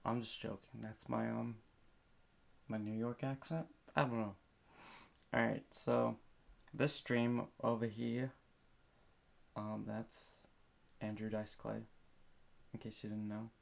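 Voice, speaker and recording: Gravelly low-voiced man rambling casually. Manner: rambling, self-correcting, jokey. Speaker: podcaster streaming live. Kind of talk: casual solo livestream chat. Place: room at home.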